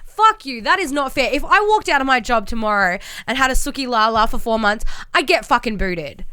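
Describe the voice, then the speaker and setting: A woman's voice: on the high side, animated, a little fast, pushed and bright, smooth, no room sound. A young woman, co-hosting a casual podcast and ranting heatedly with lots of swearing. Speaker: podcast co-host.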